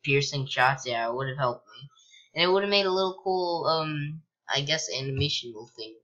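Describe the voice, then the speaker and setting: A young man casually commentating a video game he's playing, rambling with lots of ums and likes and sudden excited yelps. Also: fairly high pitch, normal speed, muffled recording. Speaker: gameplay commentator. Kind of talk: casual let's-play commentary.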